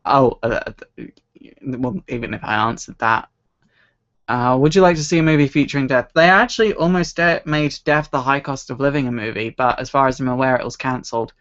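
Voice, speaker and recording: Young guy from scotland rambling thru a livestream q&a, mid pitch, kinda muffled lo-fi audio. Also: brisk, fairly bright tone. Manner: rambling, self-deprecating, laughs at own stories. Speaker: livestream host answering viewer questions. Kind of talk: casual chat. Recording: dull lo-fi home stream audio.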